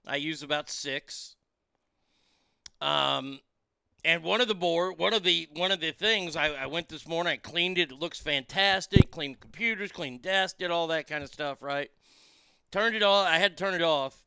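A man's voice: on the high side, normal speed, creaky, pushed and bright, clear, resonant tone. A man hosting his own show, talking in a rambling, irreverent and profane way into a studio mic. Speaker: show host. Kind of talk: casual solo show monologue. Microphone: studio mic through a mixing board.

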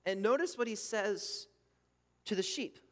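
A man preaching a sermon, emphatic, swinging between loud bursts and hushed asides. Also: high voice, expressive, unhurried. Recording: long reverb from a hall.

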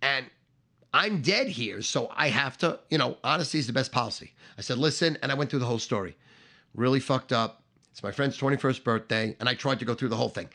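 Gravelly, bright New man telling a story. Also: medium pitch, quick pace. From Staten Island, New York. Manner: animated, swearing, acts out shouting voices in his tale. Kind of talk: profane comic storytelling.

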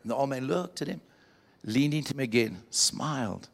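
A man preaching to a church, telling a story with animated quoted voices. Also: medium pitch, moderate pace, creaky. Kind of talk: sermon storytelling.

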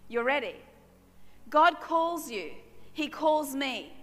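A woman's voice: high-pitched, sing-song, slow pace, a bit bright. A woman pastor preaching a sermon with passion and emphasis, repeating key lines. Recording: reverberant hall with music behind.

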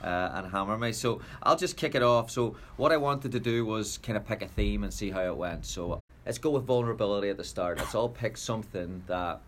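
A man hosting a coaching podcast, speaking in a measured, reflective way as he tells stories. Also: fairly low pitch, a bit bright, slight background noise. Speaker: podcast host, soccer coach. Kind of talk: podcast chat and storytelling.

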